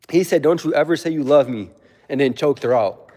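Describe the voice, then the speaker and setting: A man's voice: a little high, expressive, unhurried, mellow, big-room sound. A young man livestreaming from home, telling a story in a laid-back way, acting out quotes and laughing often.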